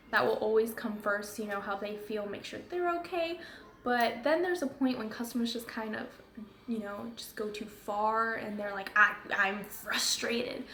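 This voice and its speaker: A woman's voice: medium pitch, roomy sound, slight background noise. A woman who works as a phone customer service agent, ranting in a casual vlog. She talks in a chatty, rambling way with many fillers and asides.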